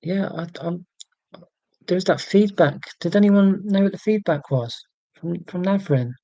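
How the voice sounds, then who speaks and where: A man hosting a relaxed livestream from home, chatting off the cuff and poking fun at himself as he reads out comments. His voice sits a little high for a man, and the sound is dry and close. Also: measured pace, no room sound, lo-fi sound. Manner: chatty, self-deprecating, reading out comments. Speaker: livestream host. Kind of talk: rambling casual livestream chat.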